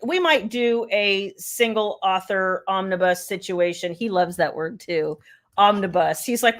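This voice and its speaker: A woman's voice: medium pitch, normal speed, fairly bright tone. A woman author hosting a casual live stream, chatting and teasing as she reads viewer comments aloud.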